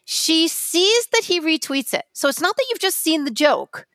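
A woman co-hosting a casual podcast, telling stories in an animated, theatrical way, with swearing and acted-out asides. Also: very high-pitched, moderate pace, dry recording, studio quality. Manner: animated, theatrical storytelling with profanity. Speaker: podcast co-host.

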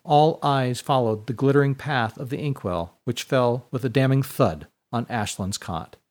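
A man reading a serialized story aloud in a measured, even storyteller's delivery. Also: mid-range voice. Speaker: narrator. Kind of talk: scripted storybook narration.

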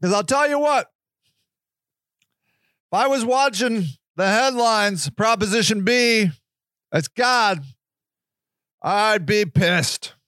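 A man hosts a solo podcast in a fairly high voice, moving between reading aloud and heated rants. He is sarcastic and swears freely. The sound is dry and close, with no room around it. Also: slow pace, long pauses, a bit bright, no room sound. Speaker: podcast host.

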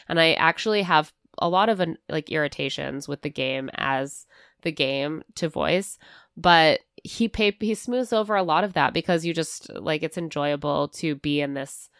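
A woman with a low, smooth, resonant voice chats casually on a podcast, dropping "like" often and slipping into little impressions of people. The sound is dry and close, with no room around it. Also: a bit bright, no echo. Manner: chatty, many "like" fillers, acts out quoted lines. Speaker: podcast co-host. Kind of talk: casual chat about a TV show.

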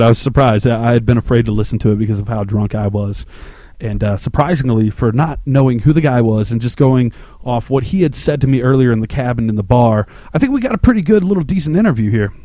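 Podcast host, man in his 30s, dry close sound, excitable and rambling storyteller, swears a lot. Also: mid-range voice, dry recording. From Shreveport, Louisiana, US. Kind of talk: casual storytelling monologue.

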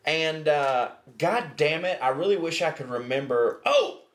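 A man's voice: on the high side, measured pace, a bit bright, reverberant, slight background noise. A man casually telling a travel story in a tiny pub room, rambling with lots of "like" and acting out what people said. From United States. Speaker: co-host.

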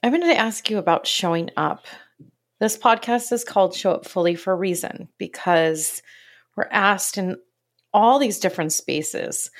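A woman hosting a podcast interview, enthusiastic and affirming, who asks her guest open questions. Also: fairly low pitch. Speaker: podcast host.

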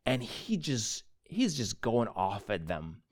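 A man preaching a sermon as a pastor, telling a story in an animated way and often correcting himself mid-sentence. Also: on the low side, slow. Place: church.

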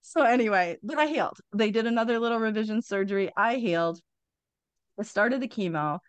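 A middle-aged woman talks as a podcast guest, telling her own story bluntly and with plenty of energy. She swears without a second thought and laughs through the grim parts. Her voice sits at an ordinary pitch for a woman and sounds close and dry, with no room around it. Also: a little fast, clear, resonant tone, no room sound. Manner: blunt, animated, swears freely, laughs through hard memories. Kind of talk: candid conversational storytelling.

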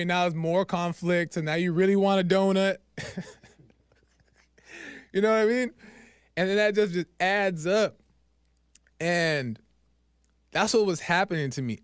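A man hosting a podcast, telling a personal faith story in an earnest, animated way, repeating phrases like a preacher. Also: fairly high pitch, clean tone, dry recording, clean studio sound. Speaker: podcast host.

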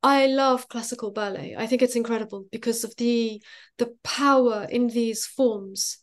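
A woman artist answering interview questions thoughtfully, pausing and searching for her words. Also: a little high, fairly even intonation. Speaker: guest artist.

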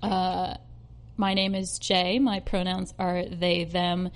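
A woman's voice: lowish voice, little pitch movement, slow. A woman co-hosting a casual podcast, giggling often and swearing freely. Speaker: podcast co-host. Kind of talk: casual chat. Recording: faint background noise, home recording.

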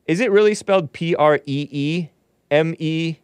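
A man with a fairly high voice hosts his own commentary show, reading the news aloud at a moderate pace and mocking it with sarcastic asides. His delivery is smooth, and the recording carries no room sound. It's an opinionated monologue from the host.

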